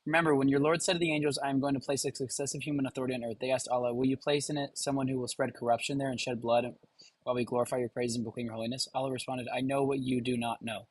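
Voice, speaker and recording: A man's voice: mid-range voice, flat delivery, racing, slightly rough, no room sound, poor audio. A man hosting a reaction video, reading a passage aloud and talking casually to his viewers. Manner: informal, addresses viewers directly.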